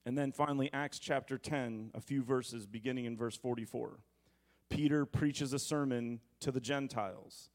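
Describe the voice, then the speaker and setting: A man's voice: mid-range voice, steady tone, normal speed, darkish tone. A man in his thirties preaching a sermon, reading scripture with conversational, joking asides and prompting the congregation to repeat words. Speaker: pastor.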